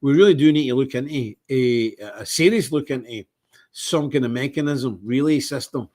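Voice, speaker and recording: A Scottish man hosting a live stream, talking in a rambling, indignant way with big swings in pitch. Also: moderate pace, a little mellow. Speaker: livestream host. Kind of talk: casual live-stream monologue.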